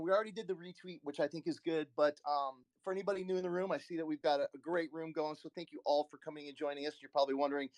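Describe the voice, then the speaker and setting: A man with a high, bright voice co-hosts a casual live chat from home. He laughs a lot and rambles in an excited way. The sound is close and dry, with no room echo. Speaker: co-host.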